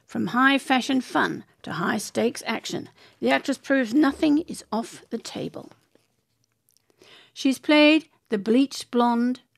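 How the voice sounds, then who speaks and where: A woman narrates celebrity news with a steady, even delivery. Her voice is slightly high and heavily gravelly, with a lot of fry. It is recorded dry and close, with no room sound. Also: dry recording. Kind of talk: scripted entertainment news narration.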